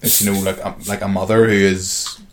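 Podcast co-host, male, very low voice, rambling and casual. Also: little pitch movement, a little fast, a little hiss or hum. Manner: rambling storyteller, loose and hesitant. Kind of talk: casual chat.

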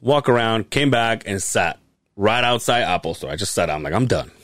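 A middle-aged podcast host in full storytelling mode, his voice jumping around with lively ups and downs. He swears casually and laughs at his own story. The sound is dry and close, with no room echo. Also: lowish voice, a little fast. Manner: animated, profane, laughs while telling stories.

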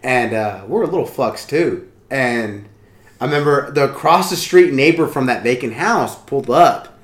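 A young man in casual chat, telling stories in a profane, animated way and laughing often. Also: mid-range voice, normal speed. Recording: roomy echo.

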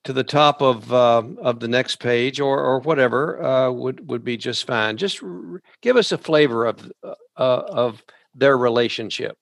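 A man hosting a podcast interview, speaking haltingly with many restarts. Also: mid-range voice, creaky, dry recording. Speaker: podcast host.

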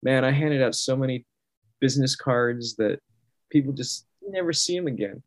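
A man chatting casually as a guest, animated and laughing often, acting out other people's reactions. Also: mid-range voice, normal speed, no room sound. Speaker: guest artist. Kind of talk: casual storytelling.

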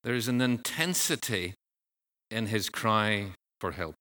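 A man preaching a sermon in a measured, earnest way, pausing and sometimes restarting phrases. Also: fairly low pitch, animated, bright, forceful tone.

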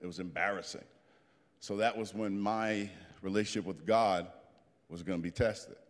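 A man in his fifties tells a story to a group in an animated, plain-spoken way. His voice sits fairly low. A long reverb of the meeting room trails each line. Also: moderate pace. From New Jersey. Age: 50s. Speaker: guest speaker.

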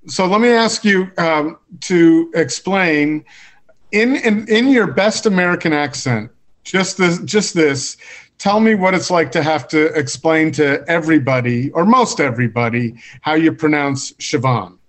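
A man's voice: on the high side, expressive, a little slow, a bit bright. A man hosting a casual podcast interview, asking curious questions. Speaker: podcast host.

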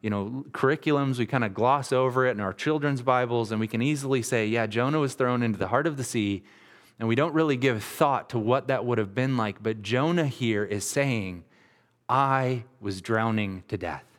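A man's voice: mid-range voice, fairly quick, big-room sound. A man in his thirties, a pastor giving an earnest, conversational sermon with frequent restarts. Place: church sanctuary.

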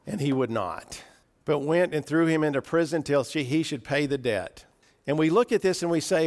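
A man's voice: on the high side, moderate pace, a little mellow. A man preaching an earnest sermon, often repeating and restarting his phrases as he reasons through a scripture passage.

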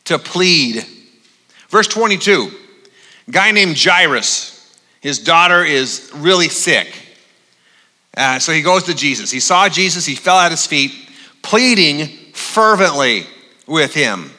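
A male pastor delivers a sermon with a bright, forceful voice and a somewhat high pitch. He talks in a loose, joking, conversational way, full of "uh"s, and a long reverb from the large church auditorium hangs on his words. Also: big pitch swings, takes it slowly, long pauses. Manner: conversational, humorous, with frequent fillers.

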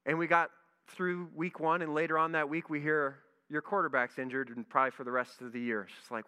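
A man, a pastor, telling a lively story in a sermon and acting out his own reactions. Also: a little high, brisk, smooth. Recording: long reverb in a large hall.

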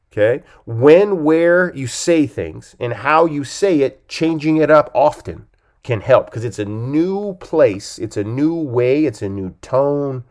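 A man coaching his listeners on a podcast, speaking at an ordinary mid pitch. He presses his points with lively jumps in pitch and loudness. He keeps checking in with a quick "okay?". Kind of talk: podcast talk.

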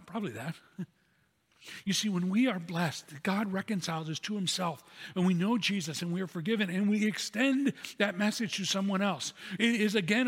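In a church sanctuary, a male pastor preaches earnestly, telling stories and repeating key phrases for emphasis. He has a high, breathy-edged voice, and the recording carries long hall reverb.

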